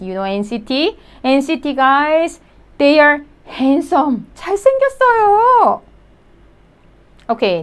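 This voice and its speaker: A woman teaching a recorded language lesson to learners. Her voice sits a little high and moves through a very wide, animated range. She speaks slowly and patiently, repeating each example word as she goes. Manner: slow, deliberate explanations with repeated example words.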